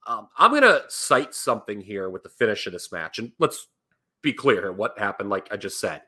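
A man on a casual podcast, talking in an animated, critical rant. His pitch leaps around widely and his voice is bright and forceful. He stresses words hard and swears freely. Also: moderate pace. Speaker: podcast co-host. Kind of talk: casual wrestling podcast chat.

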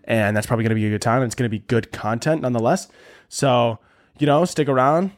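A man's voice: mid-range voice, fast talker. A man hosting a solo podcast, ranting casually and profanely with lots of fillers. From half Italian family. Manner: profane, rambling, animated. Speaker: podcast host.

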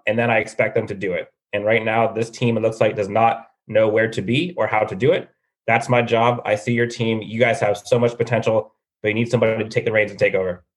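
A man's voice: medium pitch, close to an everyday voice. Guy playing a no-nonsense coach, blunt, straight talk. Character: blunt strict male coach candidate.

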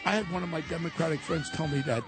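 A man calling in by phone as a regular guest on a talk radio show, ranting with passion and often shouting. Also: on the high side, fast, over music. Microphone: telephone.

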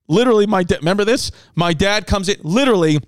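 A man hosting a comedy podcast, riffing crudely and loudly with lots of swearing and sudden put-on voices for others. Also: sits high, fast talker, dry recording. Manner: loud, brash, swears a lot, animated voices for others.

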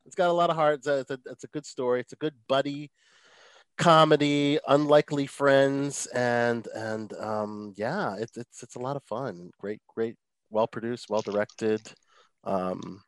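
A man's voice: mid-range voice, a little slow, no room sound. A man hosting a podcast, enthusiastic and laughing easily while interviewing his guests. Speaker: podcast host. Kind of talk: casual interview chat.

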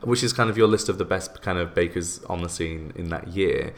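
A young man with a very low voice chats on a podcast. He talks in quick, lively bursts and laughs often. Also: vocal fry. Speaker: podcast co-host and guest editor. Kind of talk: casual podcast chat.

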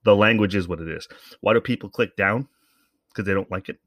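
Low-voiced guy ranting on his podcast, sarcastic, swears a lot, dry sound. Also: fairly quick, fairly bright tone, dry recording. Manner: sarcastic, profane, rambling. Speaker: podcast host. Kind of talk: casual commentary.

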